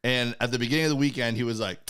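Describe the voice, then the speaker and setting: A man co-hosting a comedy podcast, chiming in with quick asides in casual chat. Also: medium pitch, clean tone. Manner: animated, jumps in with quick asides.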